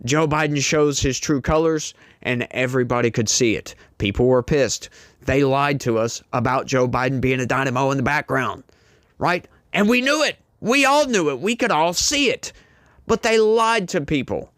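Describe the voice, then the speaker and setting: A man's voice: medium pitch, normal speed, fairly bright tone, dry recording, studio quality. A man delivering indignant, emphatic political commentary and repeating his points to his audience.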